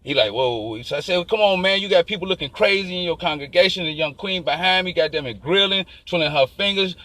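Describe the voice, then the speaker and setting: A man telling a long story in a casual, animated and profane street style. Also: sits high, no echo, low-quality recording. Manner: profane, animated, fast-talking.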